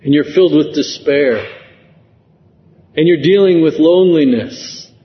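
A man delivers a sermon at a deliberate, unhurried pace, his fairly high voice lifting with feeling on key phrases. The sound is dull and lo-fi, with a long reverb trailing behind him as in a large hall. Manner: slow, earnest preaching with rising emotional emphasis. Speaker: preacher.

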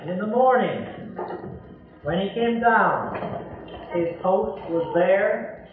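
A man's voice: high-pitched, animated, takes it slowly. A man preaching a sermon in an earnest, pleading way, asking many rhetorical questions. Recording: echoey hall, distant mic, tinny lo-fi.

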